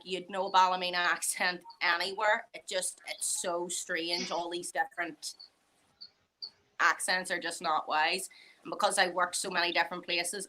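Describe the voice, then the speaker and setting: Bright chatty Northern Irish woman. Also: fairly low pitch, poor audio. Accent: Northern Irish, mixed. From Northern Ireland. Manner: chatty, rambling, laughs easily. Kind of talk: casual chat.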